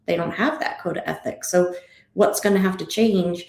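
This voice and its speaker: A woman real estate agent joining a casual livestream discussion, asking a string of questions while thinking out loud. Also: on the low side, normal speed, vocal fry. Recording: echoey room.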